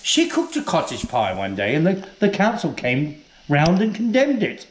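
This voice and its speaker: A man plays a posh housewife hosting a comic cooking show in a home kitchen, calling everyone darling in an affected, posh, chatty voice. He speaks on the high side at a moderate pace with wildly swooping pitch, and the kitchen echoes.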